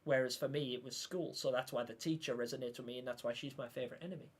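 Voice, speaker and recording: A man's voice: mid-range voice, steady tone, quick pace, a little hiss or hum. A man chatting casually while livestreaming a horror game and reading chat. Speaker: streamer.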